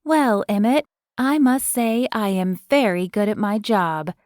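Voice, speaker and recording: A woman's voice: mid-range voice, unhurried, a little mellow, no echo, studio quality, lightly acted. A woman voicing a confident young woman stylist who talks in an upbeat, bossy, coaxing way. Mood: playful.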